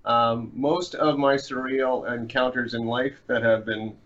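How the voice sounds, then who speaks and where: A man's voice: mid-range voice, fairly even intonation, a little slow, a bit bright. A man answering podcast questions in a joking, meandering way with many fillers. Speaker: podcast guest. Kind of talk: casual interview answers. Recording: dull lo-fi sound.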